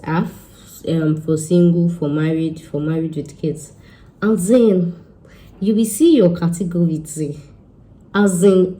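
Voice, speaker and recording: A young Nigerian woman speaks in a low, warm, mellow voice. She talks to her followers with animated emphasis as an immigration consultant, slipping Yoruba phrases into her English. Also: low-quality recording. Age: young adult. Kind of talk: casual monologue to followers.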